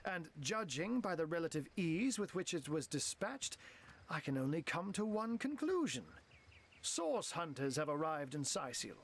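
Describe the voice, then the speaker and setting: A punning cat-wizard. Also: male voice, fairly high pitch, big pitch swings, normal speed. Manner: flowery, playful, full of cat puns. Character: theatrical wizard who turns into a talking cat, male, witty and genteel. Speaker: game character.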